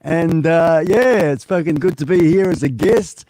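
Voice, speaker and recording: An Australian man chatting as a livestream guest from his home studio, loud, rowdy and profane, sometimes shouting. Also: a little high, normal speed, no room sound.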